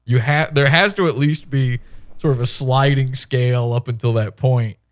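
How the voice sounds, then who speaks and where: A man hosting a podcast, chatting in a rambling, animated way and swearing casually into a microphone. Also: mid-range voice, moderate pace. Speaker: podcast host. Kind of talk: casual commentary chat. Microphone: microphone with headphones.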